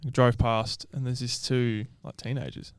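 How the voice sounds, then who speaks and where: A man's voice: mid-range voice, level tone, normal speed, clean tone, dry recording. A man with an Australian accent, co-hosting a podcast. He tells stories in a laid-back way and often trails off. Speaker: podcast co-host. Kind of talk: casual podcast chat.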